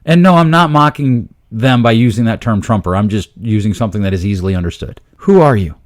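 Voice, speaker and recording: A middle-aged man hosting a parenting podcast, talking in a casual solo monologue full of quick asides, self-corrections and dad jokes. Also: fairly low pitch. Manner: jokey, drops dad jokes.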